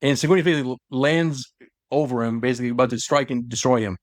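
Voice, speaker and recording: A man's voice: medium pitch, fast, no room sound, clean studio sound. A young man co-hosting a podcast, retelling a story in a loose, rambling way with asides. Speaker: podcast co-host. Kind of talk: casual chat retelling a story.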